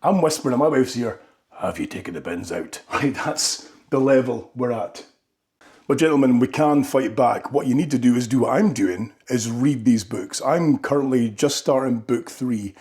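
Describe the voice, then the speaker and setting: A man riffs through a comic rant straight to the camera. He rambles from point to point and keeps tagging his lines with "right?". His voice sits at an ordinary middle pitch. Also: normal speed, a little mellow. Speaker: comedy vlogger. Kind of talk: comedic monologue.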